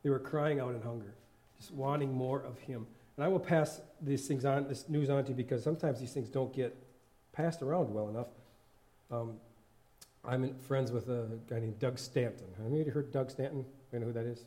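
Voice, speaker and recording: A man shares stories from the pulpit of a church sanctuary in a loose, conversational sermon. His voice is mellow and middle-pitched, and he laughs easily while he rambles and corrects himself mid-sentence. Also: moderate pace. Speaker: worship leader and lay preacher. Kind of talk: informal sermon.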